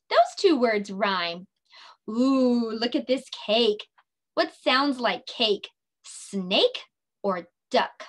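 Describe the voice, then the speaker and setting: A woman leading a children's circle time lesson, speaking in a slow, sing-song, encouraging way and stretching her words out. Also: on the high side, very animated, fairly bright tone. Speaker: preschool teacher.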